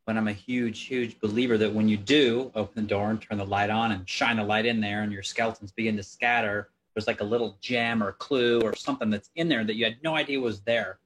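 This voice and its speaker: A man with a fairly low voice hosts a casual interview, filling in with easy, affirming replies and the odd casual swear. Faint room ambience sits behind him. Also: fairly even intonation, normal speed, a bit bright, a little hiss or hum. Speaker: podcast host. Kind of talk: conversational interview.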